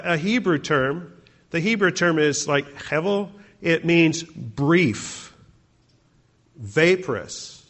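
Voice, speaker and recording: A man's voice: high voice, fairly bright tone. A male pastor preaching a sermon, asking the congregation rhetorical questions.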